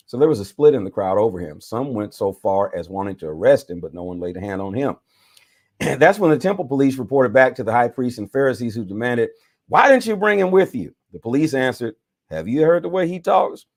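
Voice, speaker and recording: A man's voice: lowish voice, a little mellow, no echo, studio quality. A man, a bishop, reading scripture aloud with dramatic emphasis, now and then correcting himself and adding his own remarks. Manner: dramatic reading with self-corrections and side comments.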